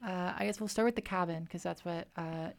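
A woman hosts a casual radio chat and keeps the talk loose and friendly with easy fillers. Her voice sits a little low and sounds smooth and clear. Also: fairly quick. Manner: chatty, relaxed, frequent fillers. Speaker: radio show host.

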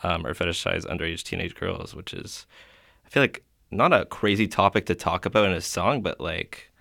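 A man's voice: low-pitched, normal speed, vocal fry, pushed and bright, no echo, clean studio sound. A man co-hosting a radio music show, talking casually and hesitantly, trailing off. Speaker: radio co-host.

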